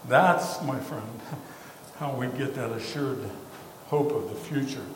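A male pastor telling a story in a casual, halting sermon full of fillers and repeated words. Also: mid-range voice, background noise. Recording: echoey hall with faint ambience.

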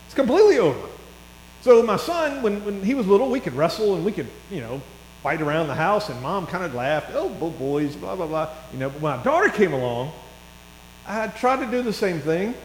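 A middle-aged man preaching a sermon in a church, chatty and telling stories that swell into excited bursts. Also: sits high, moderate pace. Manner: conversational, rising to excited storytelling. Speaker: pastor. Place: church hall. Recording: echoey hall with faint mains hum.

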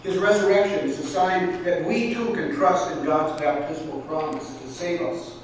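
A man preaching a sermon, chatty and a little halting, now and then acting out the voices in his stories. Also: sits high, a little hiss or hum. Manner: conversational preaching with small restarts, acting out quoted voices. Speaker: pastor. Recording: echoey church hall from far off.

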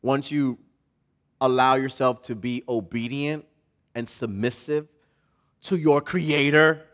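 A man preacher delivering a lively sermon, swinging between loud emphasis and quiet, repeating phrases. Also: medium pitch, slow pace.

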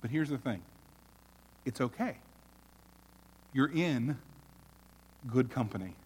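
A man preaching a sermon as pastor, earnest, swelling loud and then dropping almost to a hush. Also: medium pitch, expressive, slow, long reverb tail, a little hiss or hum.

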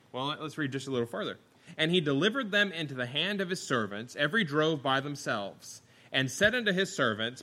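A middle-aged man preaching a sermon, telling the scripture story with lively, acted-out voices and wide swings from loud to quiet. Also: a little high.

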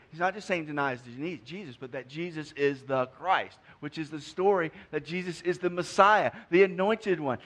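A man's voice: on the high side, a bit bright. A man preaching a conversational sermon, acting out the figures he quotes. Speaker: pastor.

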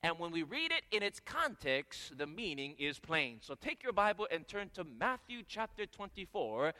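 A man's voice: a little high, big pitch swings, moderate pace, bright, forceful tone. A man preaching a sermon, emphatic, posing questions to his congregation and answering them himself. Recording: echoey hall reverb.

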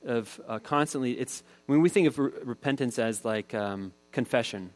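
A man preaching a sermon as a pastor, talking in a relaxed, conversational way and telling everyday stories. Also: mid-range voice, moderate pace, rough recording.

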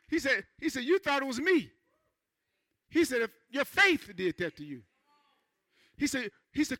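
High-voiced preacher man, bright and dry. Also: big pitch swings, normal speed, dry recording. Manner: call-and-response preaching, repeats phrases, swings from quiet asides to loud emphasis; folksy, says "man" and "ain't". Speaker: pastor. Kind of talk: sermon. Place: church sanctuary.

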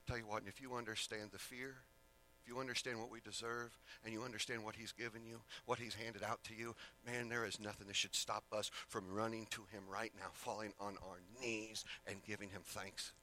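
A man's voice: lowish voice, level tone, a little fast, pushed and bright, a little hiss or hum. A male preacher giving a sermon in a casual way, with rambling asides and self-corrections.

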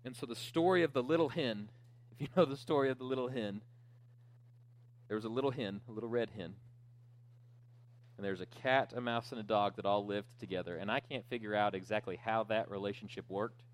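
A man preaching as pastor, telling a children's story with asides and jokes in a relaxed, conversational way. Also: fairly low pitch, brisk. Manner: joking storyteller, lively and conversational. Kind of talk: sermon.

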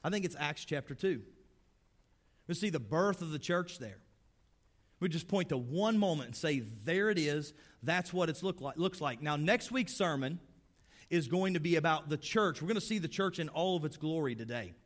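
A middle-aged male pastor preaching a sermon in a conversational way, dropping to a hushed, prayerful tone and then lifting to emphatic points. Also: on the high side, lively intonation, moderate pace.

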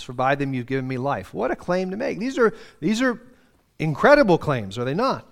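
A man's voice: on the high side, very animated, brisk, gravelly. Earnest male pastor preaching a sermon. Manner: earnest, reads scripture aloud with feeling, conversational asides.

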